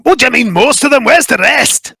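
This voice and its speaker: A tiny sweary Scottish mushroom brawler. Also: male voice, expressive, a little fast, gravelly, slightly rough, no room sound, heavily acted. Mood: alarmed. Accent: put-on Scottish. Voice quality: shrill, yelling, relentless swearing. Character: tiny foul-mouthed furious male mushroom warrior.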